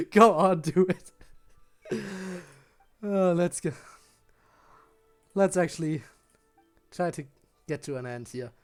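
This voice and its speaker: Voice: mid-range voice, lively intonation, slow, long pauses, a little mellow, soft background music. A game streamer chatting casually and self-consciously with viewers late at night, giggling often and sounding tired. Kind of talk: casual live-stream chat while gaming.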